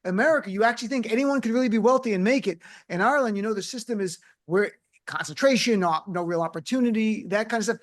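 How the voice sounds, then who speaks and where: Male radio host, chatty, rapid delivery. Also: high voice, no room sound, clean studio sound. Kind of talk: conversational radio talk.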